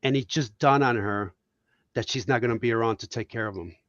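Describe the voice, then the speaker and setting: A man's voice: medium pitch, fairly quick, a bit bright, no echo, muffled recording. A man from Puerto Rico, a guest cartoonist, telling reflective, heartfelt stories in a casual podcast chat.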